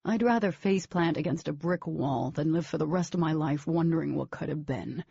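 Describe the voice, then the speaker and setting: A woman narrator voicing an intense, stubborn teenage boy who talks in a forceful, insistent way. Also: deep voice, brisk, creaky, breathy edge, no echo, highs cut off, exaggerated voice.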